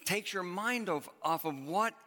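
Bright-voiced preacher in a reverberant hall. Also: male voice, high-pitched, unhurried. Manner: conversational preaching, repeats phrases for emphasis. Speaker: pastor. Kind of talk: sermon. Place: church auditorium with long reverb.

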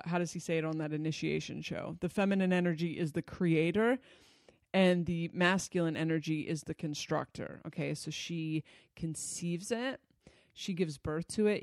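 A relationship coach speaking in a loose, conversational monologue. The voice carries a lot of vocal fry, and the speech is blunt and peppered with swearing. The sound is dry and close, with no room in it. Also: mid-range voice, no echo. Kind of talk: casual monologue to an audience.

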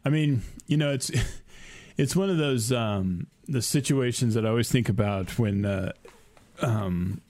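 A man in casual chat, halting and hesitant with many pauses and ums. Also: medium pitch, a little mellow, dry recording.

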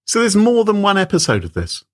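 Man podcast host, very animated pitch. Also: brisk. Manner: incredulous questioning, playful. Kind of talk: casual podcast banter.

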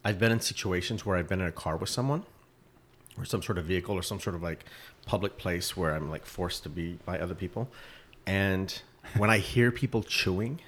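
A man's voice: low voice, brisk, a bit bright, slightly rough. A man co-hosting a podcast, talking casually and rambling, sometimes stumbling over his words. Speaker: podcast co-host. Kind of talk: casual chat.

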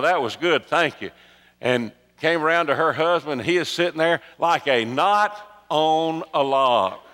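Preacher in a reverberant hall. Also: male voice, a little high. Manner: storytelling, swings from loud emphatic peaks to soft hushed asides. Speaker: pastor. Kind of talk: sermon.

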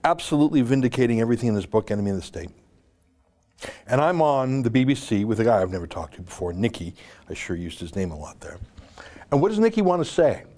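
A man hosting his own show, delivering a combative, emphatic monologue full of quick asides. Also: mid-range voice, big pitch swings, mellow. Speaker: show host. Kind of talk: opinionated monologue to camera.

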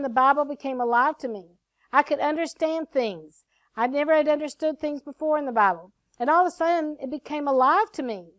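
A middle-aged woman minister giving an animated testimony and sermon, acting out the lines she quotes. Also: sits high, no room sound. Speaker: prophet and minister.

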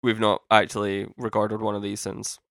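A man's voice: on the low side, monotone, moderate pace, creaky, fairly bright tone, no echo, clean studio sound. A young man co-hosting a casual podcast chat, rambling and cutting himself off mid-sentence, swearing casually now and then. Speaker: podcast co-host.

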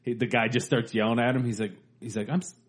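A man at a medium pitch, chatting on a podcast. He retells comedy sketches with lots of laughter and bursts into loud quoted lines as he tells them. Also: flat delivery, quick pace. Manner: laughing storyteller, acts out quotes loudly. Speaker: podcast co-host. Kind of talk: casual chat.

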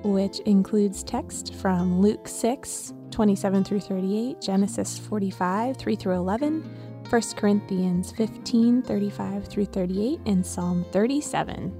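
A woman's voice: mid-range voice, measured pace, dark tone, faint music behind. A woman co-hosting a church podcast, chatting easily and reading scripture aloud. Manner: laughs easily, reads steadily. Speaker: podcast co-host. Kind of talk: casual chat and scripture reading.

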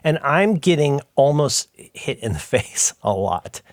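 A man's voice: medium pitch, very animated, measured pace, no room sound. Middle-aged guy podcast host, rambly and jokey, keeps cutting himself off, dead dry sound. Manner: rambling, self-interrupting, jokey storytelling. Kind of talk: casual chat.

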